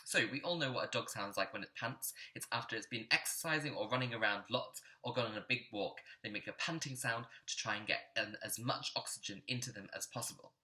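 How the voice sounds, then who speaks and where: A man teaching an online music lesson in a clear, encouraging teacherly way, sometimes chanting rhythms aloud. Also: mid-range voice, fast talker, hardly any pauses, bright, forceful tone.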